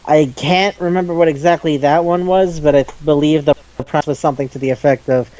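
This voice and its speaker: A man's voice: fairly high pitch, fairly even intonation, a little fast, few pauses, a little mellow, dull audio. A man co-hosting a casual anime review podcast, talking enthusiastically and rambling, often laughing and acting out scenes. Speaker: podcast co-host.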